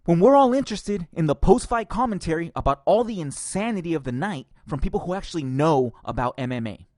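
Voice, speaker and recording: Fired up podcast guy ranting and swearing, kinda high voice, dead dry room. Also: animated, a little fast, a little mellow, no echo. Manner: angry, profane ranting with sarcastic laughs. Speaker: podcast host.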